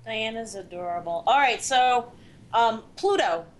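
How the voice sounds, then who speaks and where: A woman's voice: on the high side, a little hiss or hum. A woman co-hosting a podcast, chatting casually and animatedly, acting out quotes. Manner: animated, quick asides and acted-out quotes. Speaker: podcast co-host. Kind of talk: casual chat.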